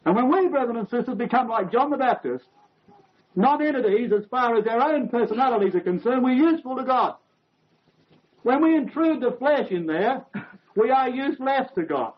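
A man preaching a sermon to his congregation, emphatic and measured, sinking to a hush for quoted lines. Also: very high-pitched, expressive. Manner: emphatic, drops to hushed near-whisper on quoted lines. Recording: dull lo-fi recording.

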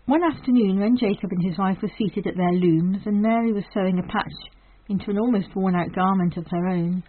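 A woman reading an old storybook aloud in a steady, measured way. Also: medium pitch, a little hiss or hum. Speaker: audiobook reader. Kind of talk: storybook narration. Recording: thin phone-like sound.

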